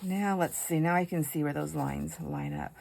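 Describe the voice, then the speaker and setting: A woman's voice: low-pitched, fairly even intonation, normal speed, gravelly, darkish tone, slight background noise. A middle-aged woman chatting casually while she crafts, telling stories with frequent laughter and asides to her viewers. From United States. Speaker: craft vlogger.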